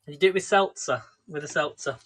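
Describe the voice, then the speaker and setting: A man's voice: fairly high pitch, fairly quick, fairly bright tone, husky. A man casually chatting through a live cooking stream, rambling and talking to viewers by name. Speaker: livestream host.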